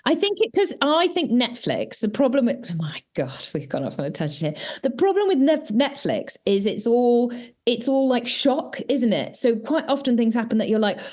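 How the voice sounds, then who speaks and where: A woman's voice: a little high, sing-song, normal speed, a little mellow. A woman co-hosting a podcast in casual chat, giggly and prone to wandering off on tangents. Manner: chatty, giggly, trails off into tangents. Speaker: podcast co-host.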